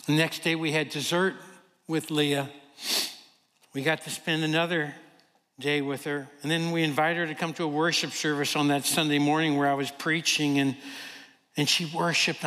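A man from Kentucky preaching a sermon, telling a personal story in an animated way and acting out the voices of the people in it. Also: on the high side. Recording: long hall reverb.

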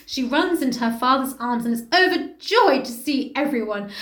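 A woman co-hosting a podcast, recapping a story in casual, sarcastic chat and acting out the characters. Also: high-pitched. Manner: animated, sarcastic, acts out characters in quick voices. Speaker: podcast co-host. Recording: echoey room.

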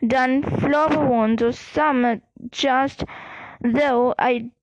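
A woman voicing a gruff, miserable half-giant man who has been drinking, speaking thickly and dully in a storybook reading. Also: high-pitched, fairly even intonation, drawn-out words, no room sound, heavily acted. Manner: thick, dull, glum speech.

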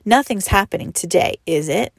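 A woman voicing a cruel schoolboy, loud and jeering with a rough, mocking edge. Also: mid-range voice, lively intonation, normal speed, no room sound. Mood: taunting.

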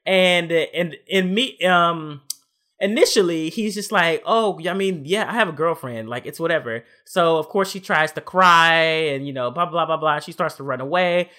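A podcast co-host with a fairly high voice recaps an anime plot at a moderate pace in casual chat. He tells it animatedly, using profane slang and acting out the characters' lines.

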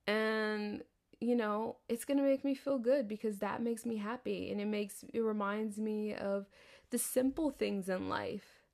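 A woman's voice: mid-range voice, fairly even intonation, measured pace, vocal fry, darkish tone. A woman in her thirties rambling candidly in a podcast monologue. She swears freely and laughs often. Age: 30s. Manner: candid, profanity-laced, chatty with frequent laughs. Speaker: podcast host.

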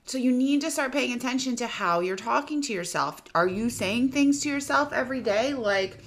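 A woman's voice: fairly high pitch, expressive, normal speed. A woman, about in her thirties, giving casual self-help advice straight to the listener, frank and swearing now and then. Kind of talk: direct-to-camera advice talk.

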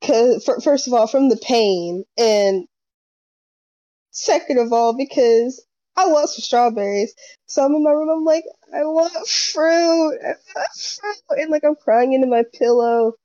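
Animated young woman, mellow voice. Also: on the high side, a little slow, no echo. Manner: animated storyteller, acts out quotes. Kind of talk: casual chat. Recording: dull lo-fi sound.

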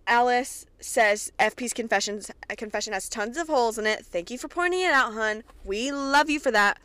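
Brief: young woman from Kentucky, podcast host, slightly high voice, chatty and cursing, dry close recording. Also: a little fast, hardly any pauses, dry recording. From Kentucky, USA. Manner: chatty, profane, excitable retelling. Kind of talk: casual TV episode recap.

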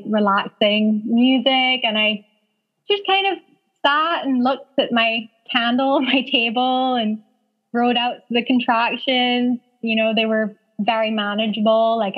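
A woman in her thirties telling a personal story as an interview guest, chatty, using lots of "like" fillers and laughing often. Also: a little high. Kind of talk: casual storytelling. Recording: dull lo-fi sound.

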